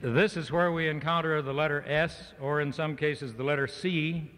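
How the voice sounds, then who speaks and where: A man's voice: fairly high pitch, fairly even intonation, moderate pace, a bit bright. A man giving a humorous speech to a live audience at a farm organization meeting, using a mock-serious lecturing tone. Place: large hall with an audience. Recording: reverberant hall on archival cassette.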